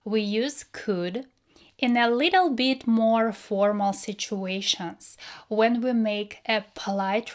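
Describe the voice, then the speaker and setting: Slow, clear woman teaching grammar. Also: fairly high pitch. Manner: slow, clear explanations with acted example phrases. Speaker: English teacher. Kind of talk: grammar lesson.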